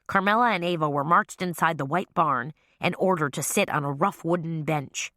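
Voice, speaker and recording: A woman narrating an audiobook with lively storytelling. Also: deep voice, moderate pace, hardly any pauses, no room sound, studio quality. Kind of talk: scripted narration.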